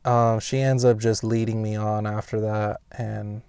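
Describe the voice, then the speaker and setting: A young man telling a personal story casually, swearing heavily and rambling with restarts, and getting loud and high when he reenacts scenes. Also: flat delivery, a little slow, smooth, dry recording. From Pasadena, California. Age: young adult.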